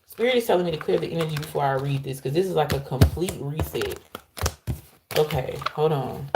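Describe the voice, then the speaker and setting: Low gravelly woman reading tarot. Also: moderate pace, very noisy. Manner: excitable, laughs loudly, animated address to viewers. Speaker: tarot reader. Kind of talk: live tarot reading stream.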